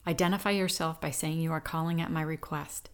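A woman's voice: low voice, fairly even intonation, fairly quick, smooth. A woman voicing a determined woman rescuer in an audiobook, speaking firmly and reassuringly. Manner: firm, reassuring.

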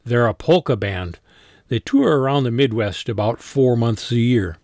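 A man's voice: mid-range voice, lively intonation, moderate pace, a little mellow, dry recording, studio quality, lightly acted. Sarcastic woman, voiced by a man. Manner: sarcastic, blunt. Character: sarcastic blunt woman, nursing home coworker. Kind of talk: audiobook character voice.

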